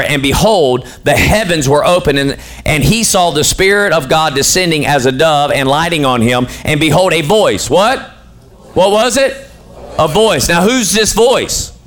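A man delivers a lively sermon in a church. His voice sits high for a man and swings widely in pitch. He keeps putting questions to the congregation between the scripture readings. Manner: call-and-response preaching, questioning the congregation. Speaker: pastor.

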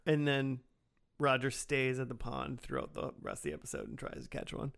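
Man, podcast co-host, casual chat, smooth resonant voice, relaxed joking retelling. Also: medium pitch, a little fast. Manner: relaxed, joking, retells scenes with quoted asides. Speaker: podcast co-host recapping a cartoon.

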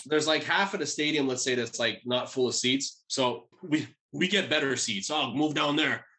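Bright-voiced man telling a rowdy story. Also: mid-range voice, moderate pace. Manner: profane, animated storytelling with acted-out quotes and laughs. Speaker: storyteller among friends. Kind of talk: casual podcast chat.

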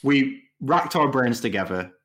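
A young man co-hosting a casual podcast, his voice bouncing up and down in pitch. He rambles and hesitates, padding his story with filler as he goes. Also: animated, unhurried, a bit bright. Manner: rambling, hesitant, many "you know"s. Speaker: podcast co-host. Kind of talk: casual chat.

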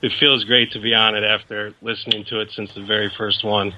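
A man's voice: lowish voice, flat delivery, a little fast, lo-fi sound, noisy background. A man sitting in as a guest co-host on a casual podcast, making dry, clipped remarks. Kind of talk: casual chat.

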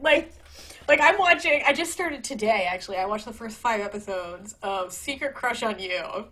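A woman's voice: fairly high pitch, lively intonation, normal speed, sharp tone, rough recording. A young woman hosting a podcast, chatting casually and animatedly, laughing and swearing as she acts out quotes. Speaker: podcast host. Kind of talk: casual chat.

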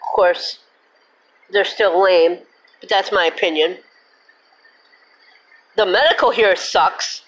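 A woman's voice: fairly low pitch, slow pace, long pauses, a bit bright, rough recording. A woman hosting her own show, ranting with indignation, cussing and then apologizing for it. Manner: repetitive, emphatic complaining. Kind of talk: angry rant.

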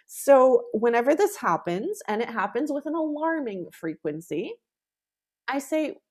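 A middle-aged woman composer in an interview, talking with animated emphasis and acting out the people she quotes. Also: high voice, unhurried. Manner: animated, acts out quoted callers. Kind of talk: conversational interview.

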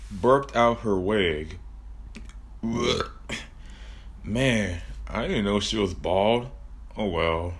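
A man's voice: fairly low pitch, extremely slow, pauses often. A man telling a comic horror story with jokey asides about his own plot.

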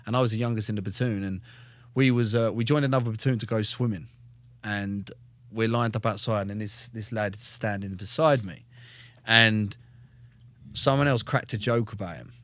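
A man's voice: on the low side, normal speed, fairly bright tone, no room sound. A man in his thirties, a fighter and former soldier, swears constantly and acts out his story in a casual interview. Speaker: podcast guest, UFC fighter and ex-soldier.

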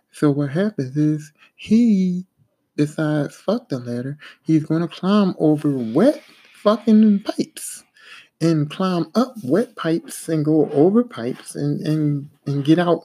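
Animated storytelling man, mellow voice. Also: mid-range voice, normal speed. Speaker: podcast host telling work stories. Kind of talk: casual spoken anecdote.

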